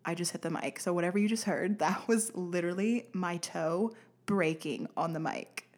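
A woman's voice: on the low side, normal speed, a little mellow. A young woman from the United States hosting a casual solo podcast, ranting sarcastically, swearing freely and laughing often. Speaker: podcast host. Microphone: studio podcast mic.

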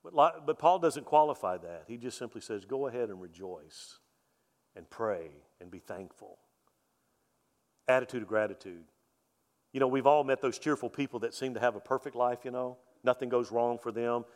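A male pastor preaching a sermon in a folksy, joking way, swinging from loud emphasis to soft, quiet lines. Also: medium pitch, fairly quick. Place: church sanctuary. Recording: long reverb of a church hall.

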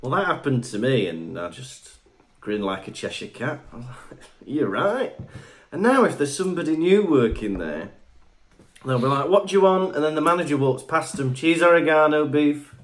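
Animated jokey man. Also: medium pitch, normal speed, a little hiss or hum. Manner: jokey, laughs often. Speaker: podcast co-host. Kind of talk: casual banter.

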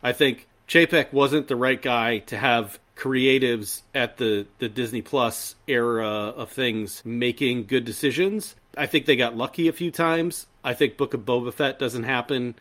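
A man's voice: mid-range voice, measured pace, hardly any pauses, fairly bright tone. Rambling male podcast co-host. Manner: rambling, hesitant with many fillers. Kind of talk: casual chat.

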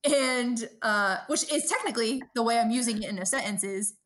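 A woman with a New York accent co-hosting a casual podcast. She tells animated, profane stories about her neighborhood in a chatty, conversational way. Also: a little high, fairly quick. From Brooklyn, New York. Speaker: podcast co-host. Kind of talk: casual chat.

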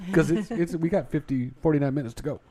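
A man's voice: fairly high pitch, mellow. A man co-hosting a morning show, chatting in a wry, self-mocking way. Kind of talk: casual radio banter.

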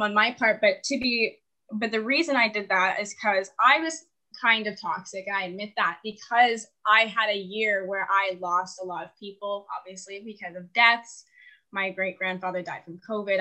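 A young woman in her twenties calls in for relationship advice, telling her story in casual, rambling confessional chat full of "like" fillers and frequent laughs. Her medium-pitched voice is bright and forceful, and the recording is rough.

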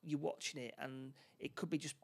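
Gravelly, slightly high man, casual podcast co-host retelling a plot with many false starts. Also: fairly even intonation. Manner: halting, many restarts, acts out lines. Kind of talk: casual chat recapping a film plot.

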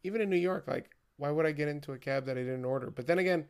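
Gravelly-voiced man joking on a podcast. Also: on the high side, very fast. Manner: jokey, laughs easily, puts on voices. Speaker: podcast co-host. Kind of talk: casual chat.

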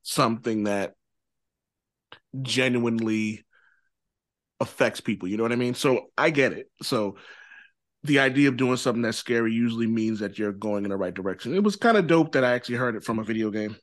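A man's voice: medium pitch, fairly quick, no echo. A man hosting a podcast in casual chat, loose and rambling, often checking in with "you know what I mean.". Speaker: podcast host.

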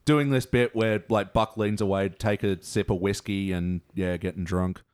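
A man's voice: sits low, steady tone, moderate pace, clean tone. A man hosting a casual podcast review, laid-back and critical, chuckling often. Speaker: podcast host.

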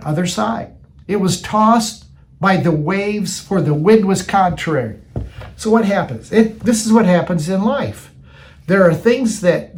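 A man's voice: fairly high pitch, darkish tone. A man preaching a conversational sermon, often repeating phrases for emphasis.

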